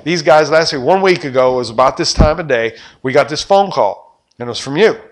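A man's voice: a little high, lively intonation, brisk. Older man preaching with swelling passion. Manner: impassioned preaching, rhetorical questions, surging and dropping loudness. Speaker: pastor. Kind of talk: sermon.

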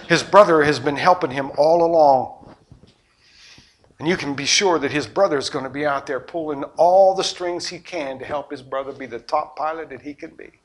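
A middle-aged man preaching a sermon, telling family stories with swings from loud outbursts to hushed asides. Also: medium pitch. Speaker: pastor.

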